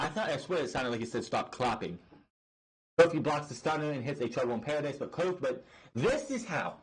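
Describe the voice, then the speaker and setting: A man's voice: medium pitch, breathy edge, low-quality recording. A man hosting a wrestling review, ranting in an exasperated, profane way with lots of restarts and fillers. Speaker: podcast host reviewing wrestling.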